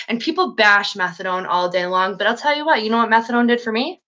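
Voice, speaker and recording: Upset woman with a bright voice. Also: a little high, brisk, hardly any pauses, slight background noise. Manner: upset, swears, trails off and restarts. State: sad and agitated. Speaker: live-stream host. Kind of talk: emotional live-stream monologue.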